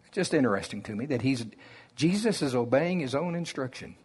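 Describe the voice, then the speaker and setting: A man preaching a sermon in a slow Oklahoma drawl, deliberate and conversational. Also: mid-range voice, expressive, breathy edge.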